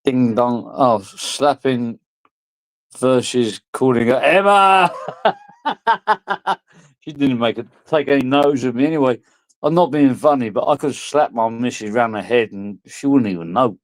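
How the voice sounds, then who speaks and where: A man's voice: mid-range voice, animated, unhurried, no echo. A drunk man, rambling crudely and giggling through a casual vlog chat. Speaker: vlogger.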